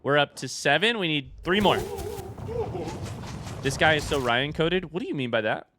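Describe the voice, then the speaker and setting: A man's voice: on the high side, lively intonation, normal speed, background noise. A man in his thirties giving casual, chatty commentary while playing a video game, telling stories and poking fun at himself. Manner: chatty, self-mocking, storytelling between fights. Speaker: streamer.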